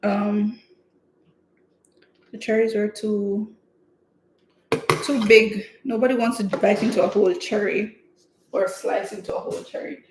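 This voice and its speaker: This woman's mid-range voice barely moves in pitch, and she talks a little slowly, pausing often. She's a home cook vlogger baking on a live stream in her kitchen, chatting and laughing through rambling stories. The room is echoey, with a faint hum of noise.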